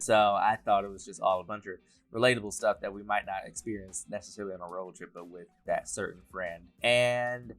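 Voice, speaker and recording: Laid-back man talking with a laugh. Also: fairly low pitch. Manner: relaxed, laughs often, loose rambling sentences. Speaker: writer and director. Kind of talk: behind-the-scenes interview.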